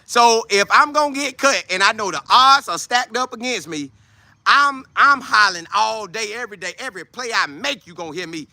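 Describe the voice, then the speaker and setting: A man in his twenties, hosting a casual football show, talking loudly and boastfully with lots of energy. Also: sits high, normal speed, gravelly, no echo. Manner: loud, trash-talking, animated. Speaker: show host, football player. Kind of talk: casual livestream chat.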